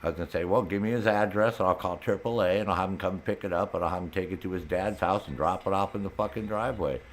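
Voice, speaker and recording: A man's voice: deep voice, fast, a little hiss or hum. A man streaming a video game, venting angrily in casual talk with constant swearing. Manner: angry venting, heavy swearing. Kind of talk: casual chat while gaming.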